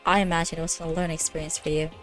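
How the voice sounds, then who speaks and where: A woman's voice: low-pitched, flat delivery, racing, fairly bright tone. A young woman playing a visual novel, reading every character's lines aloud in her own voice, laughing and reacting, with faint game music behind. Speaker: let's play host.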